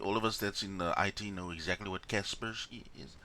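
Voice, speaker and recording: A man's voice: sits low, fairly even intonation, fairly quick, hardly any pauses, sharp tone. A man streaming, casually reacting to a news broadcast with wry, joking asides.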